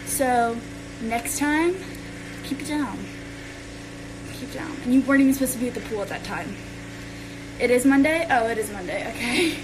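Young woman, high voice, casual livestream chatter, rambling while tidying, phone mic, steady background noise. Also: brisk. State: out of breath. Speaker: social media creator. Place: bedroom.

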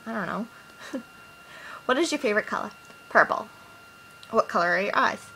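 A woman's voice: medium pitch, lively intonation, moderate pace, bright, forceful tone, slight background noise, rough recording. A woman in her twenties from Boston with a Boston accent, chatting casually and jokily as she reads out questions and answers them, recorded on an iPod mic. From Boston, Massachusetts. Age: 20s. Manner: casual and jokey, reading questions aloud then answering. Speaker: vlogger. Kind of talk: casual accent challenge vlog. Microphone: iPod built-in mic.

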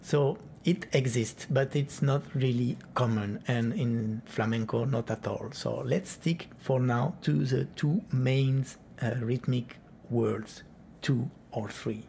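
A man's voice: mid-range voice, slow pace, gravelly, mellow, a little hiss or hum. A man teaching flamenco rhythm, explaining plainly and counting beats aloud with sung rhythm syllables. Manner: plain explanatory talk with occasional Spanish words.

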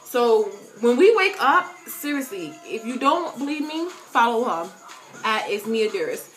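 A woman's voice: sing-song, a little slow. Chatty teen girl vlogging from her bedroom. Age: teens. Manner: chatty, joking, dramatic swings in loudness and pitch. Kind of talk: casual Q&A vlog talk. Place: bedroom at home.

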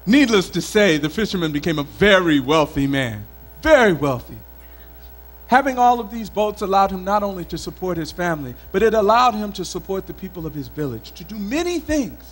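Animated male storyteller, lively pitch. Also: moderate pace, faint music behind, poor audio. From Mali. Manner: expressive, dramatic, repetitive. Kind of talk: oral storytelling performance. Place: country club event.

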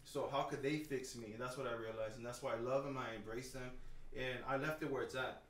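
A man's voice: mid-range voice, fairly even intonation, brisk, a bit bright, roomy sound, distant mic, a little hiss or hum. A man co-hosting a podcast, talking candidly and emotionally, swearing freely and often adding "you know what I'm saying". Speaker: podcast co-host.

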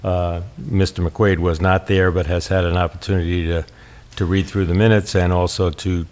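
A man chairing a town board meeting, speaking in a measured, procedural way with frequent fillers. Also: sits low, level tone, darkish tone. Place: town hall meeting room.

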